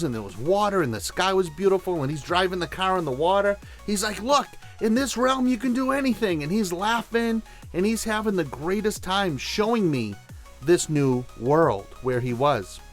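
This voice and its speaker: Man, podcast host, storytelling, animated, fairly high voice, soft music behind. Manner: animated, conversational, acts out quotes.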